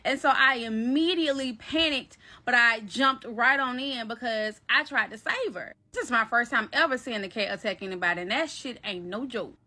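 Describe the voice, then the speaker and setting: A woman telling a personal story to her viewers in a casual, animated, slangy way, calling them y'all and baby. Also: a little high, normal speed, few pauses. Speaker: storyteller recounting a personal event.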